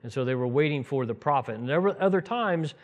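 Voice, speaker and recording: Animated male preacher, slightly high voice. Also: fast talker. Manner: animated, acts out quoted voices, chuckles, restarts sentences. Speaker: preacher teaching the congregation. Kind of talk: conversational sermon with Bible storytelling.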